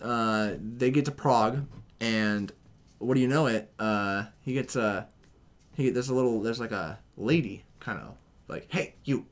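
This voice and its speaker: A man hosting a casual film review chat, retelling the plot in an animated, profane way and acting out the lines. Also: fairly low pitch, unhurried. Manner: animated, profane, acts out the plot in quoted voices. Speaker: film reviewer, podcast host.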